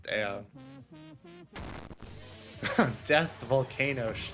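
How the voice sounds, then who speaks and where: A man's voice: medium pitch, drawn-out words, music in the background. A young man giving amused, chatty commentary while playing a game. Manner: chatty, amused, laughing asides. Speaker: let's play gamer.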